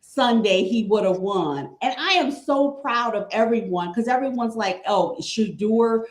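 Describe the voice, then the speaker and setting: A woman's voice: on the high side, expressive, normal speed, roomy sound. A woman from Cleveland, a guest chatting casually about football, repeating her points with a fan's enthusiasm. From Cleveland, Ohio. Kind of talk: casual sports chat.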